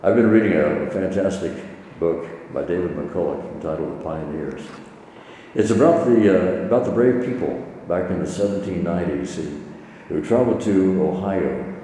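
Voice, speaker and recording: A man preaches in a low, mellow voice, earnest and measured, repeating his phrases for weight. He is recorded from a distance in a large hall with a long, echoing reverb and a faint room hiss behind him. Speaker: pastor. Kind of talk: sermon. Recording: echoey hall from far off.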